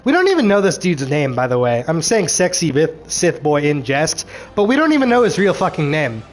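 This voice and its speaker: A man's voice: a little high, big pitch swings, a little fast. A man rambling through a show recap, exasperated and sarcastic, swearing freely as he picks apart the plot.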